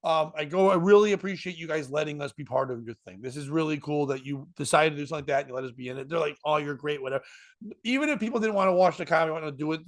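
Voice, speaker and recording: A comedian telling a story in casual chat, slipping into voices and laughing often. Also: male voice, on the high side. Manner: animated, jumps into voices and laughs.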